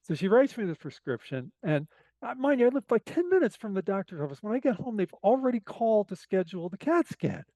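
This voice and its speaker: Hoarse-sounding man telling a story. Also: high voice, fairly quick, no room sound. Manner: animated, self-deprecating storyteller with asides. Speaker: podcast guest. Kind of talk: casual storytelling.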